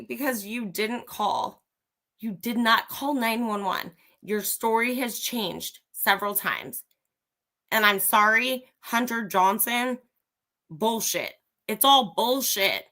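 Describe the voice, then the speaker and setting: Speaking slowly in a high-ish, sharp voice, a woman rants live to her stream audience. Her commentary is blunt, profane and opinionated, addressed directly to viewers.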